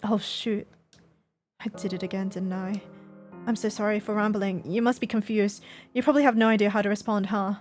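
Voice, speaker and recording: A hopeless teenage boy, voiced by a woman reading a visual novel who speaks in quiet despair and self-hatred. The voice sits at middle pitch, and faint music plays underneath. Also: steady tone, fairly quick, close to an everyday voice. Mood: apologetic.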